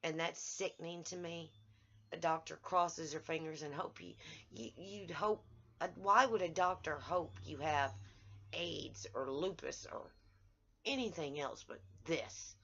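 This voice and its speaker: Woman, low voice, slow outraged video-diary rant, dull lo-fi audio. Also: fairly bright tone. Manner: angry, outraged, halting with restarts. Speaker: vlogger.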